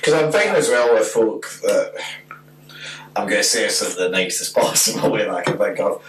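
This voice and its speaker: A Scottish man in his twenties co-hosting a podcast, telling stories in a sweary, animated way. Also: on the low side, a little fast, roomy sound, recorded from a distance, poor audio. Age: 20s. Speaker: podcast co-host. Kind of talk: casual chat.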